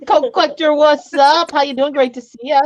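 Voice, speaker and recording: A woman's voice: high voice, fairly even intonation, a little fast. A woman hosting a live stream, chatting casually and teasing her guests with frequent laughter. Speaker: livestream host. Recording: dull lo-fi stream audio.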